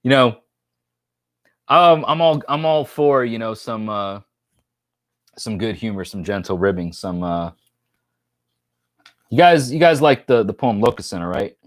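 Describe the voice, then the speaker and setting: A man's voice: lowish voice, animated, unhurried, pauses often, dry recording. A man from New York hosting a casual live stream, joking and rambling as he reads viewer comments aloud.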